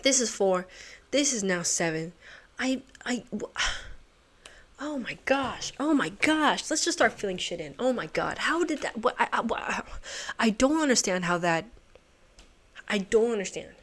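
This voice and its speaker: A woman's voice: mid-range voice, expressive, moderate pace. A woman hosting a puzzle channel, talking to herself as she solves, muttering, swearing and laughing at herself.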